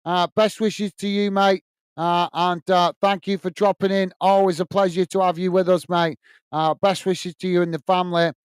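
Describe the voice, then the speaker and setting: A British man hosts a casual livestream, reading out viewer comments and thanking each viewer by name with repeated friendly sign-offs. His voice is fairly high and clear, with lots of ums and uhs. The sound is close and dry, with no room echo. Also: flat delivery, moderate pace. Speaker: livestream host.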